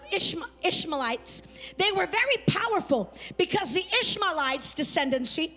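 A woman's voice: extremely high pitch, bright, forceful tone. A woman pastor preaching a fervent sermon, repeating phrases and calling the congregation to answer back. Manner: fervent, repetitive call-and-response preaching.

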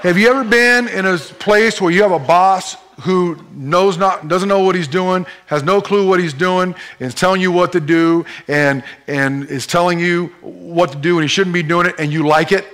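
A man, a pastor, preaching a sermon in a playful, animated way, with live demonstrations using a volunteer during a church service. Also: sits high, moderate pace, few pauses.

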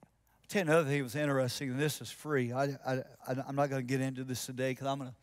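Racing through his sermon with a flat delivery, a mid-range-voiced man tells a story and acts out both parties in a conversation. At his key points he drops to soft, intense tones.

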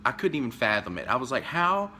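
A man telling a story to his camera in a casual rant, rambling and acting out both sides of a conversation, his pitch jumping up when he gets upset. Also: big pitch swings, fast talker, bright, forceful tone, a little hiss or hum. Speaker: vlogger telling of being fired.

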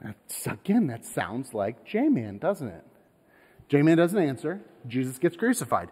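A pastor preaching a sermon in a lively, conversational way, posing rhetorical questions to his congregation. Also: a little high, unhurried, husky, in a large hall. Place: church sanctuary.

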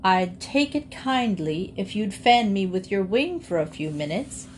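A woman voicing a kindly, motherly female cow with a slow, homely way of talking. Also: mid-range voice, big pitch swings, a little hiss or hum. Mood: weary.

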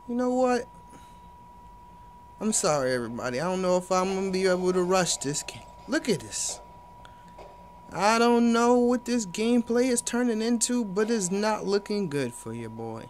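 A young man commentating his own video game match for viewers, playful and hyped, with sudden loud exclamations. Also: sits high, slight background noise. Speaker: gaming YouTuber. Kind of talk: live gameplay commentary.

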